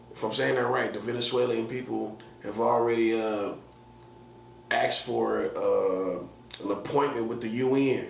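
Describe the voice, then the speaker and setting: A man's voice: mid-range voice, vocal fry. A man in his forties, a prophet, ranting casually in slangy, repetitive, boastful talk. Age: 40s. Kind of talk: casual vlog rant. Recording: echoey room with faint hum.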